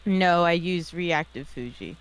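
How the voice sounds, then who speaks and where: A woman's voice: fairly low pitch, a little slow, low-quality recording. A woman on a voice call, joking playfully and restarting her sentences often. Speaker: friend on voice chat. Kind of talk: casual joking chat. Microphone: voice chat.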